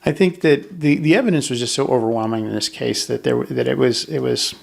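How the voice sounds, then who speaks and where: A man co-hosting a casual true-crime discussion, animated and acting out jurors in quick mock voices. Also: medium pitch, creaky. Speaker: podcast co-host.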